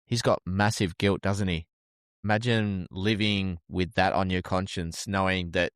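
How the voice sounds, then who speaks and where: Man, very deep voice, podcast co-host, joking and reacting, casual swearing, dry sound. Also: steady tone, a little slow, smooth, dry recording. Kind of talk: casual true-crime podcast chat.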